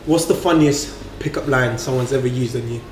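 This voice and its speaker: A man's voice: mid-range voice, brisk, reverberant, noisy background. A man hosting a casual interview, asking questions in an upbeat, encouraging way. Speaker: interviewer and host.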